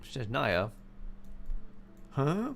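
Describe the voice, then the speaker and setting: A man's voice: medium pitch, sing-song, very slow, gravelly, fairly bright tone, slight background noise. A man chatting casually on a game stream, reading chat aloud and humming and mumbling to himself in between.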